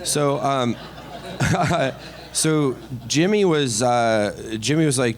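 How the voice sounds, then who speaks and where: A middle-aged man with a mid-range voice spins a comic story in loose, chatty podcast talk. He restarts his sentences, throws in asides and jokes at his own expense. A faint hiss of noise sits under the recording. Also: medium pitch. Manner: animated, self-deprecating, quick asides and restarts. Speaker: comedian guest.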